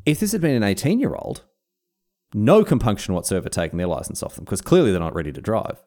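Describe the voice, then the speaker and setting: Podcast co-host, man, quick delivery, swinging pitch, jokey storyteller. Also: wildly swooping pitch, a little mellow. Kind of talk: casual chat.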